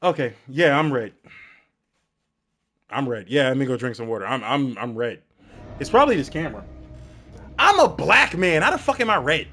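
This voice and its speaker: A young man streaming a game and ranting to his chat, animated and profane as he talks. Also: medium pitch, moderate pace, pauses often, husky. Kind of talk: live-stream gaming commentary.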